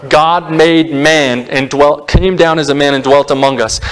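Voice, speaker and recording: A man's voice: fairly high pitch, steady tone, unhurried, few pauses, a bit bright, clear, resonant tone. A man, a pastor, preaching a sermon in a conversational storytelling way, with asides and small jokes.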